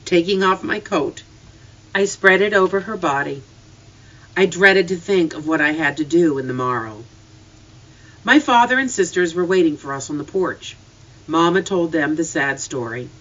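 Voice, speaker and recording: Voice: medium pitch, animated, moderate pace, a bit bright. An audiobook reader narrating a first-person story in an earnest, emotive way. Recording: slightly distant, dull lo-fi.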